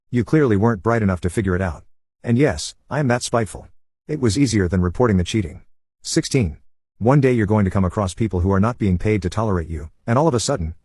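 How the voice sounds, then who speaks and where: A man reading online stories aloud as a steady scripted narration. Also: lowish voice, husky, no room sound, studio quality.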